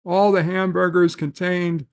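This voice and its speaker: A man with a high-pitched voice hosting a casual live stream. He speaks slowly and loosely, reading viewer comments aloud and doubling back to correct himself as he rambles. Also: level tone, no echo. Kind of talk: casual chat.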